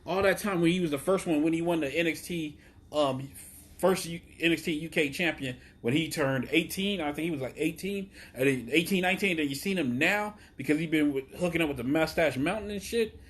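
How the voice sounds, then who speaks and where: A man rants solo about wrestling, swearing constantly and rambling through fillers and restarts. His voice sits a little high and sounds husky. His energy swings from excited bursts to low mumbles. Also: a little fast. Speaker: wrestling podcast host. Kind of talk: solo casual rant.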